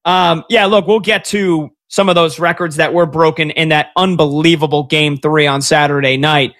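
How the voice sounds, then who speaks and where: Excitable sports radio guy, 30s, talks fast, kinda high and sharp. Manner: excitable, fast-talking fan. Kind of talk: sports talk radio show.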